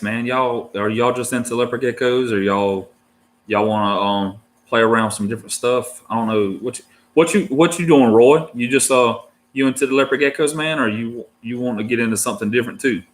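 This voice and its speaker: A married adult man with a mid-range, fairly bright voice talks fairly quickly. He's a reptile keeper rambling casually to his viewers, laid-back and slangy, tossing in plenty of "dude" and "man."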